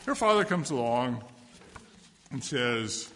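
Husky man telling a children's story. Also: medium pitch, normal speed. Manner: lively, animated storytelling with questions to children. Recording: echoey hall with long reverb.

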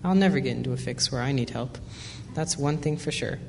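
A man's voice: medium pitch, a little fast, creaky, in a large hall, background noise, lightly acted. A man reading aloud as a big, boastful male elephant who chuckles and sounds pleased with himself. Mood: smug. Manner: chuckling, self-satisfied.

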